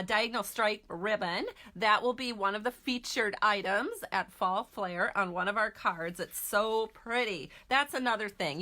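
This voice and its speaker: A woman's voice: mid-range voice, sharp tone. A middle-aged woman from Minnesota hosting a casual craft product walkthrough, chatty and gushing, with frequent fillers. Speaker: host.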